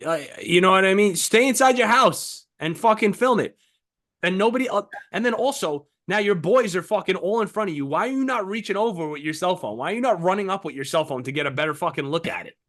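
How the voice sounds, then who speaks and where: A man's voice: high-pitched, fast. A young man co-hosting a podcast, arguing emphatically in casual, profane chat. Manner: emphatic, profane, animated storytelling. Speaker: podcast co-host.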